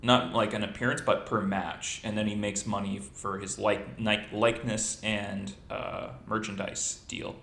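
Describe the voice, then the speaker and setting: A man's voice: fairly low pitch, a little slow, creaky, few pauses, roomy sound, slight background noise. A man hosting a podcast in casual chat, telling stories and joking. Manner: animated storyteller, jokey. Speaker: podcast host.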